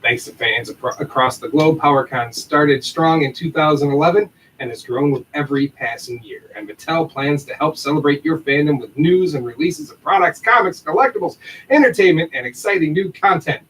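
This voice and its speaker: A man's voice: on the high side, fairly quick, a bit bright, far from the mic, poor audio. Upbeat man, slightly off-mic. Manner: upbeat promo read, then laughing loose banter. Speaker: podcast co-host. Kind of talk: reading an announcement, then casual chat.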